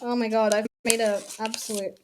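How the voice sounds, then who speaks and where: A young Australian streamer chats casually while unboxing souvenirs, swearing offhandedly and letting sentences trail off. Her fairly high voice is flat, at normal speed, against a noisy background.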